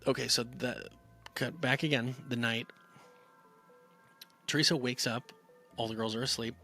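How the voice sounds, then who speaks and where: Casual male film-review podcaster, gravelly and bright-toned, rambling plot recap. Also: mid-range voice, steady tone, normal speed, faint music behind. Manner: rambling, filler-heavy retelling with acted-out quotes.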